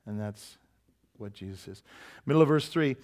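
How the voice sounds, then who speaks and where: A man preaching a sermon as pastor, in a lively, joking and emphatic way. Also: lowish voice, moderate pace.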